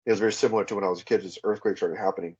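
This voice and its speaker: A man telling his personal testimony as a podcast guest, in an earnest, halting way full of fillers and restarts. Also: deep voice, steady tone, darkish tone, slightly rough, muffled recording. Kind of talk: personal testimony, recounting a vivid experience.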